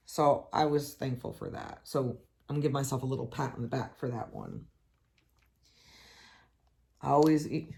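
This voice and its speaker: A middle-aged woman telling a casual, chatty story as a vlogger, swearing now and then when exasperated. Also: deep voice. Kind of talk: casual chat.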